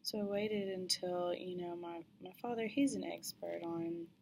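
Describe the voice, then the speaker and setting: A woman telling a personal story in a halting way, often dropping to a breathy half-whisper. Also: fairly low pitch, fairly even intonation, slight background noise.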